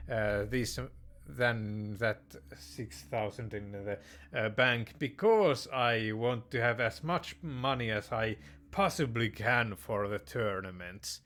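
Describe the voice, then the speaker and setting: Speaking slowly in a mid-range, slightly bright voice, a man reads aloud from a text strategy game. He comments hesitantly with plenty of fillers and restarts, delivering jokey mock-tyrant verdicts along the way.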